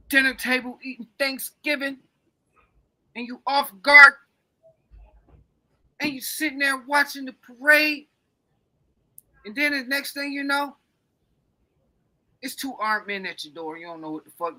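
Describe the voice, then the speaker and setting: Profane, rambling man with a bright voice. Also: extremely high pitch. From coastal United States. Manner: rambling, profane, emphatic street talk. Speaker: podcast co-host. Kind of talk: casual chat.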